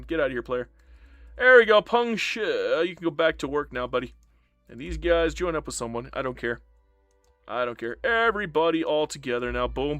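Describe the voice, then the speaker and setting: Faint music sits behind a man giving loose, joking live commentary on a strategy game. His voice is bright and slightly high, and he talks off the cuff to himself and his chat.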